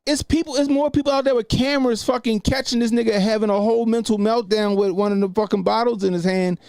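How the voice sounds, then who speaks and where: A man's voice: high-pitched, fairly even intonation, quick pace, vocal fry, a little mellow, clean tone, no echo. A man hosting a live stream, giving blunt, profane commentary on a video clip he is about to play. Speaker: host. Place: studio.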